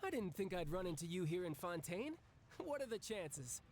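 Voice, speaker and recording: A man's voice: sits high, very animated, moderate pace, background noise. An actor playing a cocky, playful young male banker in a video game, teasing and confident.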